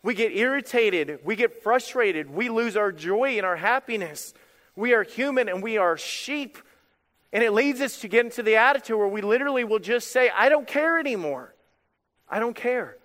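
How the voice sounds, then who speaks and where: A male pastor preaching a sermon in an animated, emphatic way, repeating phrases for effect. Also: high-pitched, moderate pace, in a large hall.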